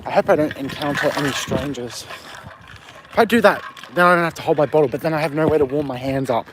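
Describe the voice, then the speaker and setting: A livestreamer with an Australian accent walks a windy street at night, chatting into his phone mic as he reads out and answers viewer comments. His voice is a little high and quick, with slight background noise.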